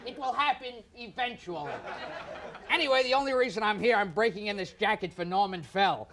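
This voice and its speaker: A man in his thirties, a comedian guest on a TV talk show, ranting in a shrill, mock-exasperated way. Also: brisk. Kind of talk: stand-up style talk show banter. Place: TV studio stage. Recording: live studio audience laughter and noise.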